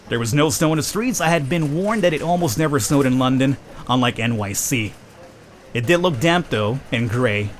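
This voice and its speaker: A man's voice: mid-range voice, a bit bright, a little hiss or hum. A man hosting a let's play, reading a story game aloud and breaking off for joking, self-mocking asides. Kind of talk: reading a visual novel aloud with jokey asides.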